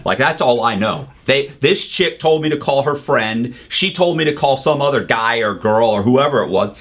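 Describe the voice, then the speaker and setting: A husky-voiced man in casual conversation, narrating a story with lots of energy and profanity. He slips into other people's voices as he quotes them and keeps calling his listener "bro." His pitch sits at an ordinary middle level for a man. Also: lively intonation, normal speed, fairly bright tone. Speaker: interview guest, former con man.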